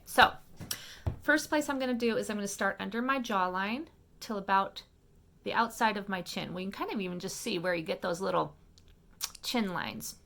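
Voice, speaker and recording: A woman hosting a makeup tutorial, talking viewers through each step in a chatty, fast-paced way and often checking in with them. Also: mid-range voice, creaky, bright, forceful tone. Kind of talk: casual step-by-step makeup demonstration.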